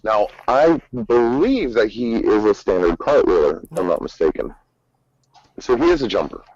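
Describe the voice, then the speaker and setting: Man, very low pitch, lively swooping intonation, rambling host, muffled lo-fi call audio. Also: moderate pace, dry recording. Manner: rambling, with many fillers and self-corrections. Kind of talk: casual tournament preview chat. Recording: muffled lo-fi voice chat.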